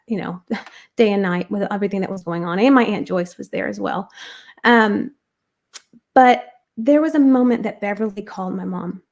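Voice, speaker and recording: A woman guest with a medium-pitched, creaky, darkish voice earnestly shares a personal testimony in conversation. Her storytelling is full of ums and restarts.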